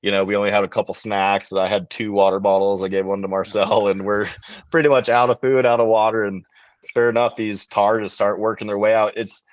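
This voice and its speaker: A man on a podcast, a bowhunting guest telling a hunting story in a relaxed, rambling way with lots of fillers. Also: on the low side, a little fast, no room sound. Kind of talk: casual storytelling in an interview.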